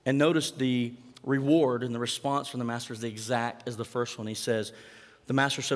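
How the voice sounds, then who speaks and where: Male pastor, mid-pitched voice, casual sermon delivery, recorded in a reverberant sanctuary. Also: fairly even intonation, brisk. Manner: conversational preaching, acts out lines from the text. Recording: long hall reverb.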